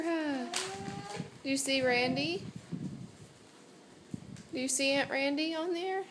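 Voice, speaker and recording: A woman's voice: high voice, takes it slowly, long pauses, slight background noise. A young mother filming at home, coaxing her toddlers in a sing-song baby-talk voice. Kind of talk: home video, talking to small children. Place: living room at home.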